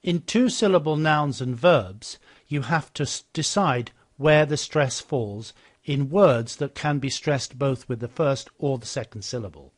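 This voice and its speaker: A man narrating a walkthrough of a teaching program in a steady, explanatory way, repeating the model phrases after the clips. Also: medium pitch, a little slow. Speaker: software demonstrator.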